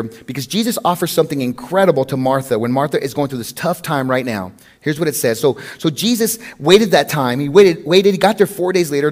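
A man pastor preaching a sermon in an animated way, acting out the prayers he quotes. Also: fairly high pitch.

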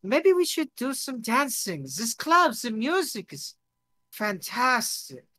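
A man's voice: very high-pitched, huge pitch swings, pushed and bright, pitched above the performer's own voice, full character voice. A man voicing a drunk, evasive male ex-designer who fumbles for his words in a tabletop game. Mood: tipsy. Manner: halting, hesitant, fumbling for words. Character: tipsy cagey male ex-designer food-truck owner.

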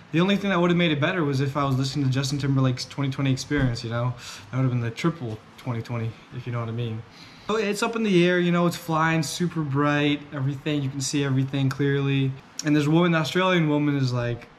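A man's voice: mid-range voice, slight background noise. A young man vlogging casually, chatty and joking as he rambles. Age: young adult. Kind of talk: casual vlog narration. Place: outdoors on a pier by the water.

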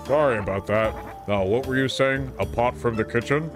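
A man's voice: mid-range voice, normal speed, music in the background, lightly acted. A man doing a shifty, stammering fat toad cook. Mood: defensive. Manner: evasive, stammering denials.

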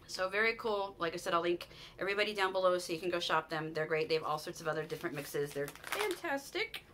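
A woman's voice: fairly low pitch, steady tone, fast, background noise. A woman, chatting casually to camera about things she bought, gushing and sentimental. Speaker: vlogger. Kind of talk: casual haul chat to camera.

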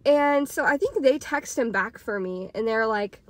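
Young woman in her twenties, raised pitch, dry close sound, rambling casual storytime full of "like.". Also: animated, unhurried, dry recording. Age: 20s. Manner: rambling, filler-heavy with frequent "like". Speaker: podcaster and storytime vlogger.

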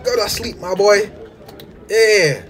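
A man giving casual, excitable game commentary, full of slang and trash talk aimed at the characters on screen. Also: sits high, takes it slowly, soft background music. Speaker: gaming YouTuber.

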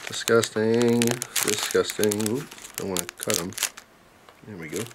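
A man's voice: low-pitched, normal speed, noisy background. A young man vlogging at home, chatting wryly as he tastes bugs and talks to his dog. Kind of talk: casual vlog, tasting food on camera. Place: indoors at home, camera on tripod.

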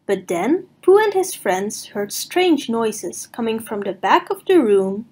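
A woman reads a picture book to small children, taking her time over every line. Her voice rises and falls in a lively sing-song, and it carries a soft, breathy edge. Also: on the high side, slow, hardly any pauses. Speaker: storybook reader. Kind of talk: children's read-aloud narration.

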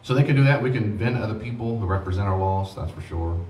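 A man's voice: fairly low pitch, fast talker, darkish tone. A man preaching a teaching sermon on grief as a pastor, earnest and conversational, repeating himself for emphasis. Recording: echoey room, mic at a distance.

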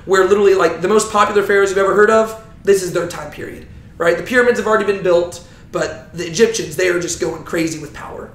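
High-voiced man teaching, roomy echo. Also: fast talker. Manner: animated storytelling, often asks "right?". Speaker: Bible teacher. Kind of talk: teaching talk.

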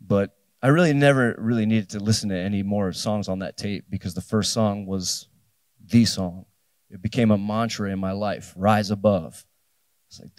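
A man's voice: on the low side, dry recording. A man in his fifties from New Jersey, telling a personal story on a festival stage and acting out the dialogue. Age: 50s. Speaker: keynote speaker. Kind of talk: live storytelling talk.

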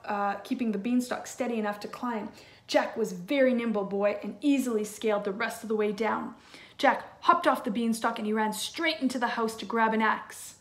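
A woman teacher reads a fairy tale aloud to children. She is expressive and playful, with a slightly high voice, and speaks to her listeners between passages. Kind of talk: reading a storybook aloud to children.

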